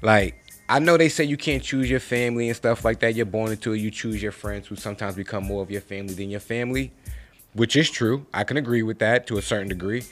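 A man's voice: fairly low pitch, fairly even intonation, fast talker, faint music behind. A man giving a casual, preachy motivational rant, full of slang and rhetorical questions.

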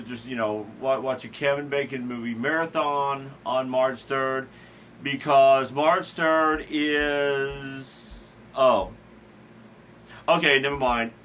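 A man's voice: mid-range voice, a bit bright, a little hiss or hum. A man hosting a casual talk show, rambling through holidays with asides and fillers. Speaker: host. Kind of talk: casual chat about daily holidays.

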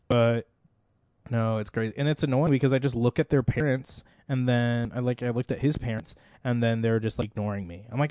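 A man's voice: mid-range voice, normal speed, a little mellow, dry recording, studio quality. A man, co-hosting a casual podcast about movies, talking in a loose, rambling way full of "like". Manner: rambling, heavy on "like" fillers. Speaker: podcast co-host.

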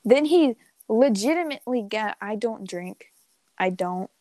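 A woman's voice: fairly high pitch, animated, a little slow, a little mellow, dry recording. Chatty young woman, dry close sound. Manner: rambling storytelling with many fillers and laughs. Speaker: podcast co-host. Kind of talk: casual chat.

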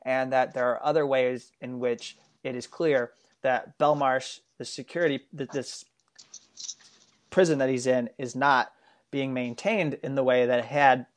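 In a casual political discussion, a U.S. man serving as co-host talks earnestly but rambles, frequently restarting his sentences. He has a mid-range voice, a steady tone, and a slightly slow pace. He's a political commentary co-host.

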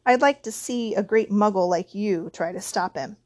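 A woman voicing a big, gruff, blunt-spoken giant man with folksy speech in a storybook reading. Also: mid-range voice, normal speed, dry recording, clean studio sound, close to an everyday voice.

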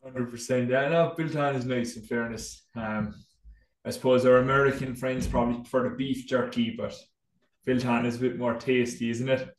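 A man's voice: mid-range voice, steady tone, normal speed. A man, hosting a podcast in a laid-back, matter-of-fact way. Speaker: podcast host. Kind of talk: casual chat. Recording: echoey room.

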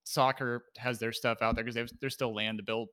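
Guy co-hosting a podcast, bright clear voice, rambly and full of "like"s. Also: medium pitch, level tone, a little fast. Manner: rambling, lots of "like" fillers, laughs often. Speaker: podcast co-host. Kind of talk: casual chat.

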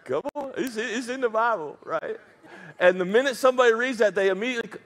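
A middle-aged male pastor preaches a sermon in a high, slightly bright voice, with the sound of a big room around him. He speaks fast and emphatically, throwing quick asides to his congregation.

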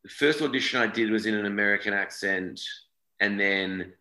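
Speaking at a normal pace, this fortyish Australian man has a fairly low, sharp-toned voice. He's an actor guest in a loose interview chat, rambling, repeating himself and self-correcting, and the low-quality recording is reverberant.

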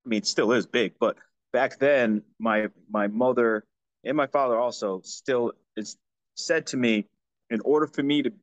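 A man born in Jamaica who grew up in the United States and has no Jamaican accent. He is a podcast guest giving relaxed, somewhat hesitant replies. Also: mid-range voice, clear, resonant tone, no room sound. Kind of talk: casual chat.

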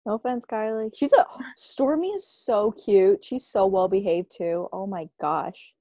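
A young woman co-hosts a casual podcast, gushing and animated as she chats. Her voice sits at an average pitch. It is recorded dry and close, with no room sound. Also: unhurried, dry recording. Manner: gushing, animated, says "oh my God" a lot. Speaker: podcast co-host. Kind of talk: casual chat.

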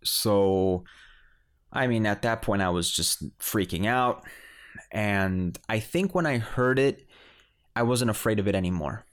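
A man's voice: lowish voice, expressive, measured pace, clean tone. A man casually telling a personal story on a podcast, rambling with many restarts and fillers.

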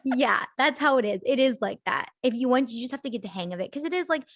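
A woman's voice: high-pitched, lively intonation, quick pace, dry recording. Woman, casual podcast chat, giggly and rambling, close dry mic. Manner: chatty, laughs often, heavy use of "like". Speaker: podcast co-host.

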